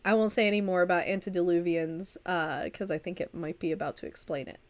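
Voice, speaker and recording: A woman's voice: fairly low pitch, fairly even intonation, a little fast. Chatty woman reading a game aloud. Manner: chatty asides, stumbles over words and restarts reading. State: recovering from a long illness. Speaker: streamer and storyteller. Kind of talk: reading a vampire visual novel aloud on a livestream.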